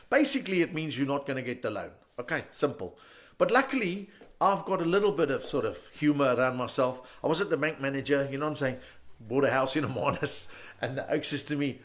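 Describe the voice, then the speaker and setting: Animated South African stand-up comedian. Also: male voice, medium pitch, a little fast. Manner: chatty, slangy, and addresses the audience directly. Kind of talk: stand-up comedy set performed online.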